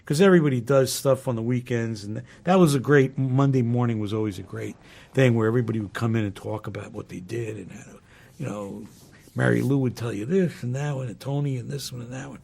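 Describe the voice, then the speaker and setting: A man, a former sitcom cast member, telling a rambling anecdote in a relaxed interview. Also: medium pitch, fast, gravelly, slightly rough. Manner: rambling, relaxed, many fillers.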